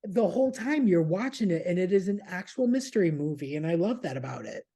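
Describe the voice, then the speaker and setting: A man's voice: high-pitched, expressive, brisk, mellow, slightly rough. A man chatting casually as a podcast's regular news contributor, rambling, laughing and swearing freely.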